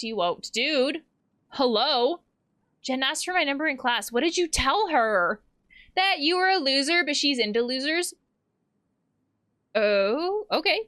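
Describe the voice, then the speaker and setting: A woman therapist plays a video game and casually reads text messages aloud, her fairly high voice pushed and bright. She's playful, laughing and swearing between the lines she reads.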